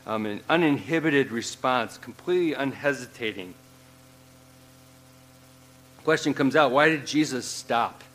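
A man's voice: medium pitch, lively intonation, normal speed, a bit bright, poor audio. A man preaching a sermon in a conversational way, using many fillers and repeating phrases. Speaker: pastor.

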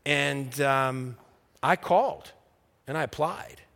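A middle-aged man preaching a sermon, telling a story with acted-out dialogue and building to loud, emphatic preaching. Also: mid-range voice, slow, vocal fry, big-room sound. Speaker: pastor.

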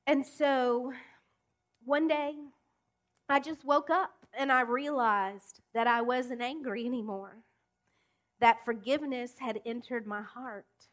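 A woman's voice: on the high side, fairly even intonation, fairly bright tone. Emphatic woman preaching a sermon. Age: adult. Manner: emphatic, with deliberate pauses and rising appeals.

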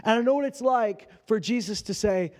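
Male pastor with a high voice, informal sermon delivery, asks rhetorical questions and acts out quoted lines. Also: normal speed, darkish tone.

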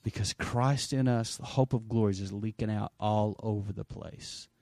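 A middle-aged man preaching a sermon as pastor, conversational, swinging between loud emphasis and quiet asides and calling for amens. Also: lowish voice, fairly even intonation, moderate pace, creaky, no echo. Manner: asks the congregation for amens.

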